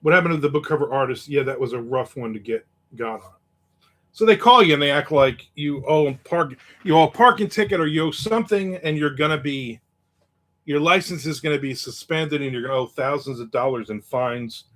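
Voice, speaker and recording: A man with a slightly higher voice than most men, chatting casually as the host of a live stream. He tells stories with a wry, cynical edge and reads out comments from viewers now and then. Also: a little fast, a bit bright. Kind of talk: casual livestream chat.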